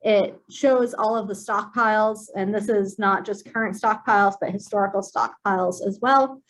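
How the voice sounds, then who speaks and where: Woman walking through software, um-filled. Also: mid-range voice, steady tone, moderate pace, rough recording. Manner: plain, with many um fillers. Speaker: compliance staff presenting software. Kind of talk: webinar software walkthrough.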